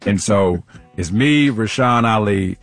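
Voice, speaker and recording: A man's voice: on the low side, expressive, slow, vocal fry, faint music behind. A man hosting a radio show, telling a story in a casual, laughing way. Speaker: radio host. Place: radio studio.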